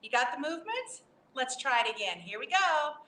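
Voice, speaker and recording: A woman's voice: sits high, sing-song, normal speed. A woman leading a children's library storytime, reading and singing to young listeners in a cheerful, sing-song manner. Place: library room. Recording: roomy, distant mic, faint hiss.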